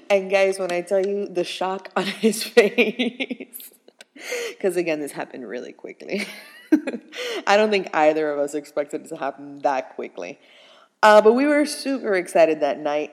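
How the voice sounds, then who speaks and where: A young woman vlogger chatting to her viewers, telling a personal story in a lively, rambling way, laughing often and saying "like" a lot. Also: medium pitch, in a large hall.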